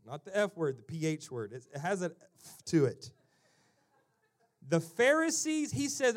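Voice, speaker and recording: A male pastor preaching a sermon, swinging from loud emphatic calls to hushed, almost whispered lines and acting out characters in mocking voices. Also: high voice, expressive, normal speed.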